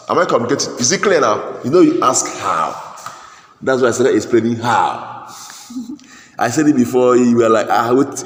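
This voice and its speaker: A Nigerian-accented man leads an English grammar lesson, his voice mid-range and fairly bright. He habitually throws "what?" at the class and then answers it, restarting and repeating himself a lot; the room is echoey, with faint background noise.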